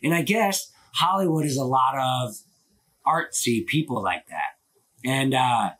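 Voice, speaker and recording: A man's voice: medium pitch, animated, takes it slowly, fairly bright tone, husky. A man hosting a live stream, chatting casually and opinionatedly, with lots of filler words and swearing, into a phone. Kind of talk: casual rambling chat.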